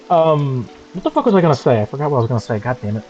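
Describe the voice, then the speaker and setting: A man co-hosting a stream, chatting casually and mocking people in profane, animated bursts. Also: mid-range voice. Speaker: streamer co-host. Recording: dull lo-fi stream audio, faint music.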